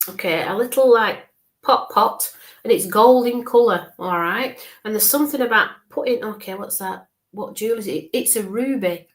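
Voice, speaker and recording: A woman working as a spiritual medium during a live online reading. She describes what she sees slowly, repeats herself and checks in often with a soft, reassuring "okay". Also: mid-range voice. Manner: describes visions slowly, checks in with frequent okays.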